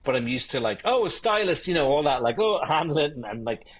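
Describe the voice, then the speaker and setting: A guest photographer in his 50s tells swear-laced wedding stories during a casual interview. His voice is a little high, fast and husky, and his anecdotes come out animated and full of swearing.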